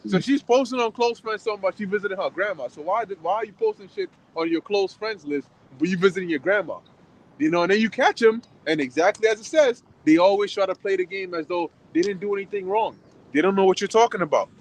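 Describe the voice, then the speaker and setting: A man in a casual church discussion, telling animated, slangy stories with rough language. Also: sits high, fast, poor audio. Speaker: church group member.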